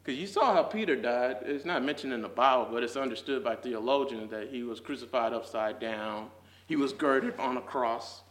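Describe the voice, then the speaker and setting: This young man, medium-pitched and speaking at an ordinary speed, is teaching a laid-back Sunday school lesson on the Bible. Lots of "like"s and slang fill his talk, laughter comes often, and his passion rises almost to a shout in an echoing room.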